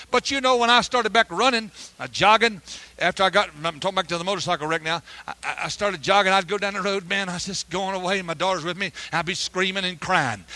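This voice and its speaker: A middle-aged man preaching a sermon with personal testimony, telling his story with animated energy, stammered restarts and frequent hallelujahs. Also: fairly high pitch. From United States. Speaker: preacher, missionary.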